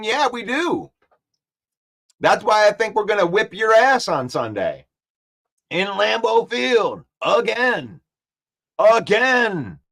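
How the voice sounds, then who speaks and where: A man hosting a daily sports talk show, excitable and trash-talking, repeating himself as he builds his case. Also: high voice, takes it slowly, gravelly, long pauses.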